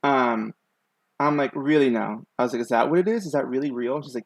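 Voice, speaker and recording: A man's voice: medium pitch, lively intonation, moderate pace, vocal fry, no echo, poor audio. A young man streaming while he draws, telling a long story in a loose, rambling way with lots of fillers. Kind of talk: casual chat while drawing.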